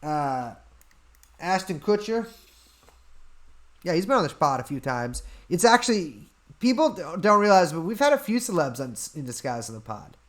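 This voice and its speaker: A man hosting a casual livestream, reading out chat questions and answering them in an offhand, deadpan way at a desk mic. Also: fairly high pitch, moderate pace. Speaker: podcast host answering chat.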